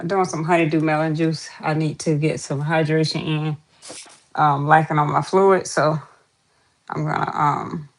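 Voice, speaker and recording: A woman's voice: low voice, gravelly. A woman hosting a casual live stream, chatty and greeting viewers over and over. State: out of breath.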